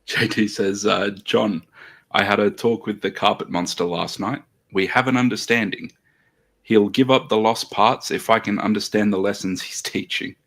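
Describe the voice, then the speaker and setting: A man co-hosting a casual stream, reading viewer comments haltingly with laughs. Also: fairly low pitch, steady tone, fairly bright tone. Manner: slow, halting, reads chat with laughs. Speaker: podcast co-host. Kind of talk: casual chat.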